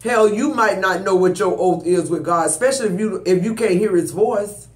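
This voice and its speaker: Preachy tarot reader in a roomy space. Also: male voice, sits high, moderate pace. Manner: preachy, emphatic, addresses viewers directly. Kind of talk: spiritual tarot reading. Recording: roomy echo.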